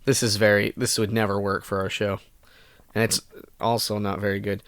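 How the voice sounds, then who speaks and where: A man's voice: on the low side, moderate pace, clear, resonant tone, dry recording, studio quality. A man co-hosting a podcast on a headset mic, telling stories animatedly in casual chat and laughing often. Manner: animated storyteller, laughs a lot. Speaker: podcast co-host.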